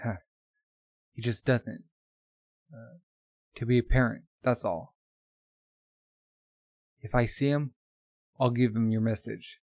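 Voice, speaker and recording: Brief: man reading brash teen boy hero, quick temper, plain mid voice. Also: mid-range voice, steady tone, darkish tone, no room sound.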